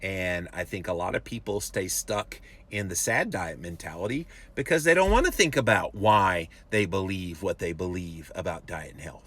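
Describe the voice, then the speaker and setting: A man's voice: sits low, expressive, moderate pace, hardly any pauses, a bit bright. A man hosting a live rant show, reading out viewer comments and urging listeners emphatically. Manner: emphatic, preachy, talks straight to viewers. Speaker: podcast host.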